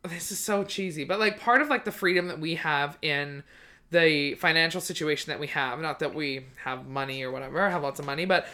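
Bright-voiced sarcastic woman chatting. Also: low-pitched, brisk. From British Columbia, Canada. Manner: chatty and sarcastic, swears freely. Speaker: comedian, podcast co-host. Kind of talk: casual chat.

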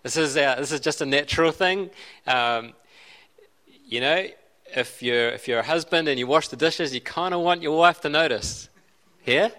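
A man's voice: on the high side, normal speed, bright, forceful tone. A man preaching a sermon as a pastor, conversational, with frequent restarts and side remarks. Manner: conversational, self-interrupting with restarts and asides.

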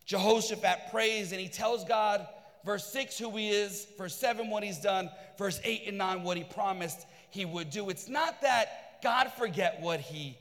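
A man preaching a sermon, fervent and repetitive, at times shouting. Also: sits high, measured pace, long reverb tail. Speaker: pastor.

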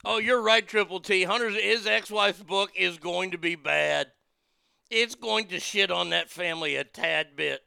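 Brash male talk host, bright smooth voice, dry close sound, profane and mocking. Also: high voice, unhurried, dry recording. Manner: brash, profane, laughing at his own jokes; reads news items aloud and riffs on them. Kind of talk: casual political commentary.

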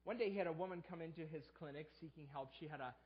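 A man's voice: a little high, racing, highs cut off. A man preaching a sermon as a pastor, his voice jumping up whenever he acts out the excuses people make. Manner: preaching with sharp rises into acted quotes of excuses.

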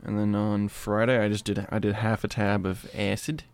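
A man's voice: fairly low pitch, little pitch movement, smooth. A man co-hosting a casual podcast, cracking crude jokes and often stopping to restart his sentences. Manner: crude joking, halting. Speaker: podcast co-host.

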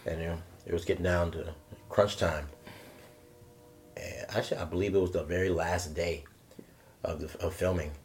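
A man's voice: low voice, steady tone, moderate pace, pauses often. A man from Maryland, a guest on a podcast, telling stories casually with frequent restarts and self-corrections. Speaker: podcast guest, BMX rider. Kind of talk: casual storytelling interview.

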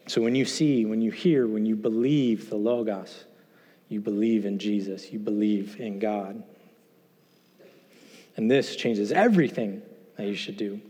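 A man giving a sermon in a conversational way, asking his congregation questions and slowing down to stress key points. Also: medium pitch, a little mellow. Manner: conversational, asks the congregation, slows for emphasis. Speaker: pastor. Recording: reverberant hall.

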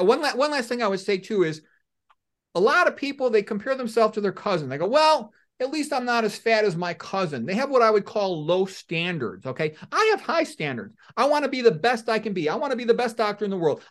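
A middle-aged man, a doctor, giving blunt, animated opinions in an interview and acting out little scenes. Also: sits high. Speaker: medical doctor guest.

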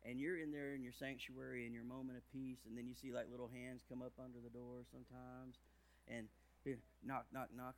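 A man in his thirties, a pastor giving a playful children's sermon with jokes and big swings in his voice. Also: normal speed. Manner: playful, jokey, big swings in pitch and volume.

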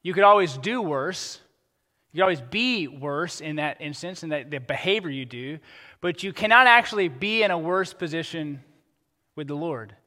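A man preaching a sermon as pastor, animated and acting out the characters he quotes. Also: a little high, normal speed, in a large hall.

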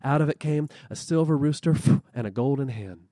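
A male storyteller telling a folk tale live at a festival, lively and expressive, with dramatic pauses. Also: mid-range voice, no echo, studio quality.

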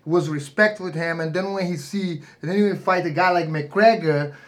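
A man with a notably high voice for a man, a fighter, tells stories in lively, broken English. He halts and restarts, then rushes ahead with excitement. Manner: broken, non-native grammar, animated storytelling. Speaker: fighter, guest. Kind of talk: casual podcast chat.

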